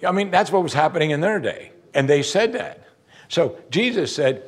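A pastor preaching a sermon with emphatic, lively delivery and frequent rhetorical questions. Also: male voice, on the high side, moderate pace.

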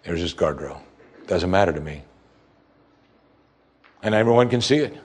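Man, pastor, sermon, husky voice, reads scripture then comments emphatically. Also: low-pitched, lively intonation, moderate pace, darkish tone.

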